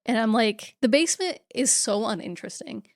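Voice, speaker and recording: A woman's voice: fairly high pitch, lively intonation, brisk, no room sound. Woman recapping a movie, dry sound. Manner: detailed retelling with acted quotes. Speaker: podcast co-host. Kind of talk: casual movie recap chat.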